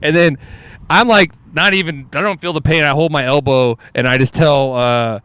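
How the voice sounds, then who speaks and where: A man, a comedian guest on a podcast, telling casual stories in an animated, rambling way with lots of fillers and restarts. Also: on the high side, normal speed, smooth, no echo.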